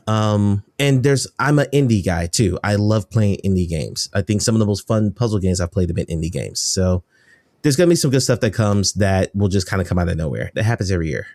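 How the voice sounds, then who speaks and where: A low-pitched man from the United States chats as a podcast guest about games. He rambles with enthusiasm and often corrects himself mid-sentence. The recording is dry, with little room sound. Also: darkish tone, no room sound. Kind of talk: casual podcast chat.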